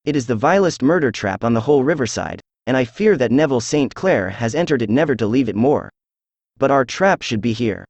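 A synthesized male voice narrating a classic story as an audiobook, reading in an even way with little change between characters. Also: medium pitch, brisk, dry recording.

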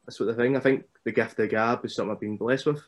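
A young man with a Scottish accent, a wrestler chatting casually as a podcast guest and telling stories in an animated way. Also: mid-range voice, quick pace. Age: young adult.

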